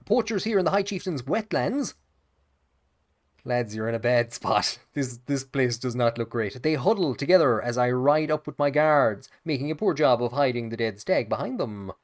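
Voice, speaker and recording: Wry man narrating a game. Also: medium pitch. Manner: wry, joking asides between read-out passages. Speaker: let's play host. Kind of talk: game commentary reading event text aloud.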